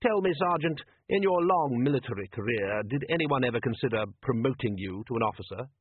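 A man voicing a cunning, aloof male ruler who speaks slowly and with dry irony in a spoken story. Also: medium pitch, expressive, breathy edge, no echo. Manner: measured, ironic, slow and deliberate. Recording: dry, tinny phone-like sound.

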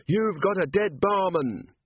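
A man shouting as a snarling panicky robber. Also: high-pitched, animated, measured pace, husky, pitched above the performer's own voice, exaggerated voice. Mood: threatening shout. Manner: shouting, threatening. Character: snarling young male armed robber, panicky. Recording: dry, tinny phone-like sound.

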